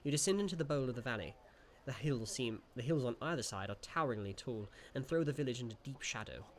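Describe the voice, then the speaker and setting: Man reading a gamebook aloud, animated. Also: medium pitch, quick pace, a little hiss or hum. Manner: animated, musing asides between narration. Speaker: streamer.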